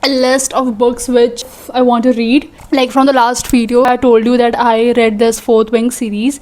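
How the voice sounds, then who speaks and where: A young woman with an Indian English accent, chatting excitedly and rambling as a book vlogger. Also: a little high, normal speed. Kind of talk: casual vlog chat.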